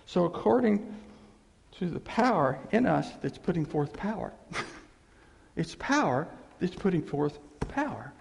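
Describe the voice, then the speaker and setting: Lively, gravelly preacher in an echoing hall. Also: male voice, unhurried. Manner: animated, swings between loud exclamations and low murmurs. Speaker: pastor. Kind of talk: sermon. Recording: reverberant hall sound.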